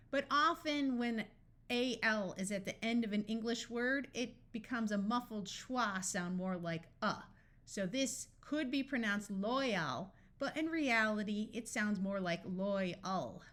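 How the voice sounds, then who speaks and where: A woman teaching a phonics lesson, sounding out each word slowly, one sound at a time. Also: on the high side, pushed and bright. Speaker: phonics tutor. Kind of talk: slow, carefully enunciated reading lesson.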